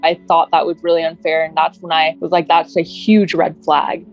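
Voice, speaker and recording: A woman's voice: low-pitched, level tone, normal speed, gravelly. A woman candidly recalling events as an interviewee on a podcast. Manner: candid, plainly spoken recollection. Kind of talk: personal account, podcast interview. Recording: dull lo-fi recording with faint music. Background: faint music.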